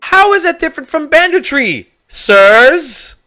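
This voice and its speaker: A shrewd woman trader in her forties, as a game master puts her on, raised high with a swinging, lively delivery. She stammers when surprised and turns prickly and indignant when money comes up. Her tone is bright and forward, set close to the mic. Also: smooth, no room sound, heavily acted. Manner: flustered and haggling, quick to take offense.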